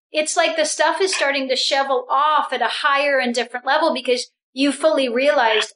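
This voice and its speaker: A woman leading a spiritual group session, talking with animated energy, laughing often and restarting her phrases. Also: high voice, a little fast, few pauses, rough recording.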